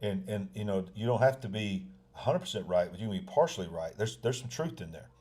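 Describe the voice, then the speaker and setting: Low-voiced man hosting a live show. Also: lively intonation, fast, a little mellow, breathy edge. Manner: folksy, repeats himself, addresses viewers directly. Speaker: host of a live news show. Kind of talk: casual live-stream talk.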